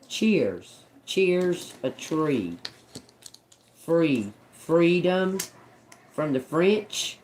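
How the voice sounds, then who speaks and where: Woman on a live psychic stream, muttering super slow, puzzled and cussing, faint hum behind. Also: sits low, animated, darkish tone. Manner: puzzled muttering, swearing, repeating single words. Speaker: tarot and oracle live streamer.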